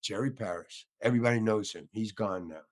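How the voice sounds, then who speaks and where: This older man, an actor, speaks briskly in a lowish register. Chatting in a casual interview, he rambles through his stories, restarts often, and voices the other characters' lines himself.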